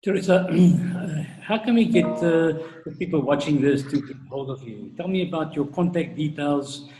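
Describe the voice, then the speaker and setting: A man's voice: a little high, moderate pace, dark tone, slight background noise. A man hosting a business interview show, upbeat and full of hesitant fillers. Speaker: show host, business coach. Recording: roomy echo.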